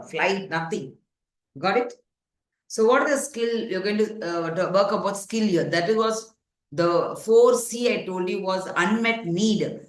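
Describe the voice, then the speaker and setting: A woman parenting coach leading a workshop, talking in an earnest, instructive way with many fillers, self-corrections and questions like "got it?". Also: on the low side. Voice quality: frequent fillers and self-corrections, rhetorical check-ins. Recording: echoey room.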